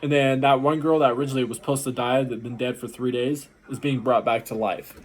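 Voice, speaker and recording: A tired man hosting an anime reaction, talking in a loose, rambling way late at night. His voice sits in a middle pitch and he wanders through his thoughts with fillers. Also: steady tone, quick pace. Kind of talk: casual reaction commentary.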